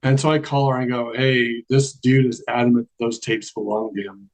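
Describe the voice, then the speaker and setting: Man, animated storyteller, acts out dialogue, laughs a lot, casual interview guest. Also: medium pitch, normal speed, rough recording. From Charleston area, American South.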